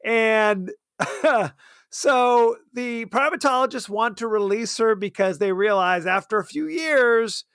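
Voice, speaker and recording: A man's voice: high voice, slow, fairly bright tone, smooth, dry recording, studio quality. A man co-hosting a podcast in casual chat, recapping with frequent laughs. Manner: chatty, laughs often while recapping. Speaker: podcast co-host.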